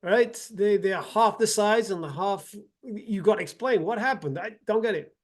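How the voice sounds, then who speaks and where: A man's voice: high voice, moderate pace, pitched above the performer's own voice. A man voicing a bewildered wealthy man, exclaiming in disbelief, inside a spoken parable.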